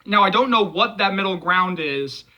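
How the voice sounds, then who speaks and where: A man's voice: high voice, expressive, moderate pace, sharp tone, poor audio. A man hosting a movie channel, talking passionately in casual video commentary, with lots of fillers and repetition.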